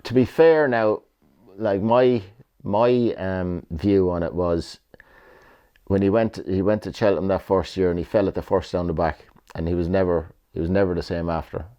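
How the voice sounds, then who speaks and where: A middle-aged Irish man with a low, deep voice and a mellow, relaxed tone. He rambles loosely through old stories, doubling back on his words and dropping the odd swear in easy conversation. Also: normal speed, smooth. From Ireland. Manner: rambling, repeats himself, swears freely. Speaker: retired jockey. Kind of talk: casual reminiscing interview.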